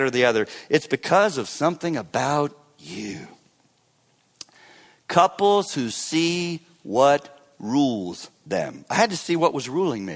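Animated preaching man in a reverberant hall. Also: fairly high pitch. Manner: animated preaching, swinging between loud emphasis and hushed asides. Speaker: pastor. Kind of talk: sermon.

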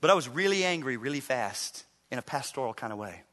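A middle-aged man preaching a sermon as a pastor, telling a story with animated acted-out quotes. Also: mid-range voice, brisk. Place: church sanctuary. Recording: reverberant live church hall.

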